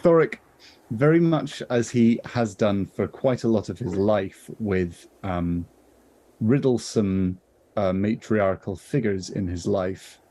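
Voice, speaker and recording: A man's voice: on the low side, takes it slowly, warm tone. A British man playing in an improvised tabletop game, describing his character's actions in a chatty way. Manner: chatty, laughing recounting. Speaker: player.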